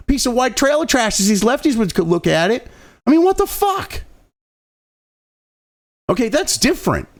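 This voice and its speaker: A man from New England ranting angrily about politics, swearing constantly and dripping with sarcasm. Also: extremely high pitch. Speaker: political commentary host. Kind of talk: profane political rant.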